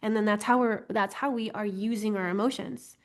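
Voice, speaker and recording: Woman, teacher, chatty, animated, acts out inner voices, medium pitch. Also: fairly quick. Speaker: astrology and human design teacher. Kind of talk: casual teaching talk.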